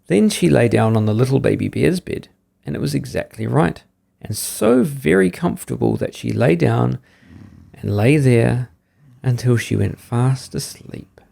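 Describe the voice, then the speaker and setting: A man reads a bedtime fairy tale in a warm storyteller's way, his voice lifting and dipping in a sing-song pattern. There's a strong gravelly fry in his voice. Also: mid-range voice, lively intonation, measured pace. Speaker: storyteller, podcast host.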